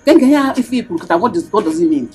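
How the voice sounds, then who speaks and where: A woman's voice: medium pitch, animated, fast, darkish tone, soft background music, natural voice. Woman doing a Nigerian mother, indignant, argumentative. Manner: indignant, challenging questions.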